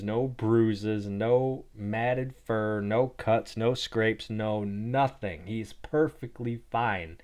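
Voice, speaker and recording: On his own podcast, a young man relates a story in a relaxed, wandering fashion. His slightly low voice fills every gap with "like" and "you know" as he rambles through casual storytelling.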